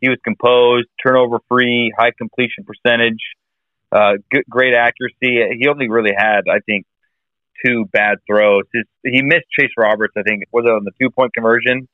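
A man's voice: mid-range voice, fairly even intonation, moderate pace, no echo. A man calling in from a hotel room to a sports podcast, weighing in thoughtfully with some stammered restarts. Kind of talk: casual sports talk. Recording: tinny phone-like line.

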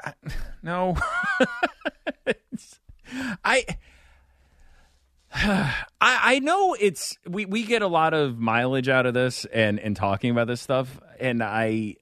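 Male podcast co-host, bright and animated, wry banter, dry studio sound with soft music. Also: fairly high pitch, dry recording. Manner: animated, wry, trails off and restarts.

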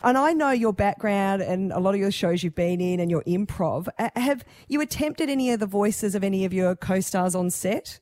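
A woman's voice: medium pitch, expressive, moderate pace, hardly any pauses, a little mellow, no echo. Female radio host, upbeat interviewer.

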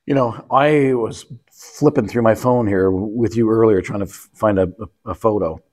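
A man's voice: fairly low pitch, moderate pace, darkish tone. A man from Canada co-hosting a travel podcast, talking casually and rambling about his recent trips. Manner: rambling, restarts often, travel anecdotes. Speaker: podcast co-host. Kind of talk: casual chat.

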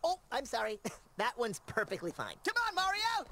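An actor voicing a tiny, excitable male mushroom helper in an animated film, shouting in a frantic, shrill way. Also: moderate pace, a little hiss or hum, heavily acted.

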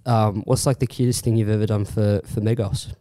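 A man's voice: on the low side, fairly even intonation, a little fast, warm tone. A man co-hosting a podcast in casual chat, playful and jokey as he asks questions. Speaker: podcast co-host.

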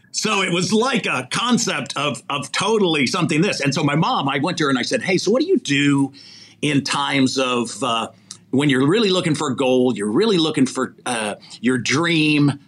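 Older man, husky, animated storyteller. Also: fairly high pitch. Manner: animated storyteller who acts out quoted dialogue and chuckles mid-sentence. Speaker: interview guest, executive recruiter. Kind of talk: storytelling in a podcast conversation.

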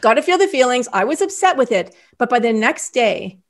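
Guest spot: chatty middle-aged woman, slightly high voice, lively storyteller. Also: a little fast. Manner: animated storyteller, acts out quoted voices. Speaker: podcast guest. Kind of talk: casual interview chat.

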